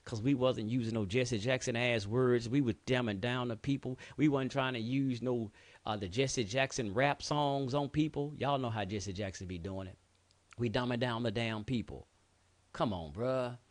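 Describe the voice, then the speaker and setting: A man's voice: medium pitch, normal speed, no room sound. A middle-aged man hosting a radio show, lecturing in a casual, preachy way with street slang and cursing. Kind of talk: casual talk radio monologue.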